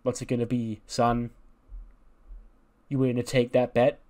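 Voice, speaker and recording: A man's voice: medium pitch, monotone, normal speed, dark tone, natural voice. A man doing a stern veteran wrestler father. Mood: challenging. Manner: earnest, pleading then challenging.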